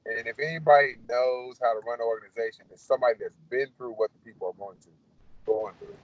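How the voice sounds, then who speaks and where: A man, a former fighter, telling his career stories in a blunt, animated, profane way. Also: medium pitch, fast, no room sound, muffled recording. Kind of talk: casual storytelling Q&A.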